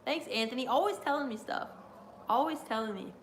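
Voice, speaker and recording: A woman streamer chatting live during a wrestling watch-along, rambling and excitable with lots of fillers. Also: fairly high pitch, a little fast, slight background noise. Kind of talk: live reaction chat.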